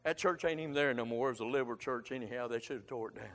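Fervent preacher in echoing hall. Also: male voice, medium pitch, very fast. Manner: fervent, colloquial, punctuated with frequent "amen". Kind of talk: emotional Baptist sermon. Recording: long hall reverb.

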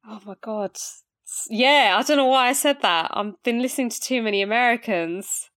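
A woman's voice: fairly high pitch, moderate pace, fairly bright tone, no echo, clean studio sound. A woman co-hosting a true crime podcast, reading out the case steadily and breaking into chatty, laughing asides with her co-host.

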